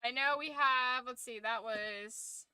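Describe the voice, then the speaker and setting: Brief: tired woman streamer chatting casually, swears easily, fairly high voice, dry close sound. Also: takes it slowly, pushed and bright, smooth, dry recording. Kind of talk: casual livestream chat.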